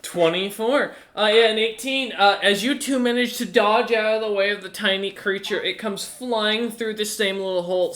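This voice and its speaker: A man's voice: sits high, a bit bright. A man narrating a tabletop game as game master, in loose, rambling speech full of fillers.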